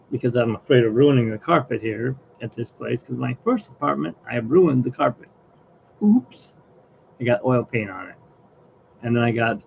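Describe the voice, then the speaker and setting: A man's voice: mid-range voice, vocal fry, lo-fi sound, a little hiss or hum. A man who hosts an art livestream, chatting in a rambling, opinionated way. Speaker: artist, livestream host. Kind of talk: casual livestream chat.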